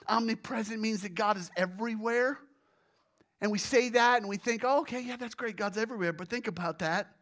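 Slow, bright-voiced preacher with sudden loud peaks. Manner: swings from hushed, low passages to loud, exclaiming emphasis; illustrates with everyday examples and acted groans. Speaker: pastor. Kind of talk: sermon.

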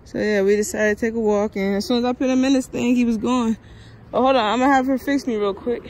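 A woman's voice: fairly high pitch, steady tone, fast talker, a little mellow, a little hiss or hum. A woman vlogging casually outdoors on a walk, talking playfully to a baby and teasing her companion. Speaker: family vlogger. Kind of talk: casual vlog chat.

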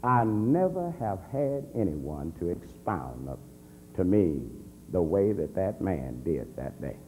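A man, an assistant pastor, telling his conversion story as a convention sermon, swinging from a low murmur to heated near-shouts. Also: big pitch swings, slow pace. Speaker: minister giving testimony. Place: large convention hall. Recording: reverberant hall with faint hum.

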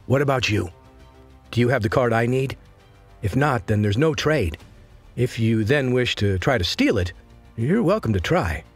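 Polite, shrewd young warrior, voiced by a male narrator, husky edge. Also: medium pitch, big pitch swings, normal speed, pauses often, faint music behind. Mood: measured. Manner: polite, turning cold and guarded.

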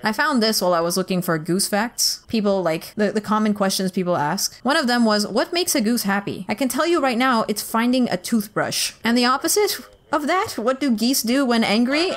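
A woman's voice: mid-range voice, animated, brisk, faint music behind. A young woman giving silly let's play commentary, talking to the game's characters and pleading in squeals.

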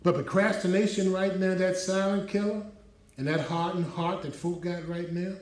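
A man's voice: level tone, normal speed, far from the mic. Man preaching emphatically in an echoey hall. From United States. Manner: emphatic preaching with call and response, climbs in pitch when stressing points. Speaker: pastor. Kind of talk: sermon. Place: church hall.

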